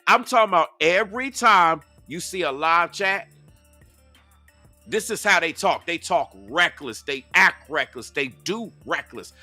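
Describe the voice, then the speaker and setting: High, animated man in heated commentary. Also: measured pace, faint music behind. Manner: confrontational, preachy, repeats points with rhetorical questions; loose slangy talk aimed at the audience. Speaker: commentator reacting to video clips.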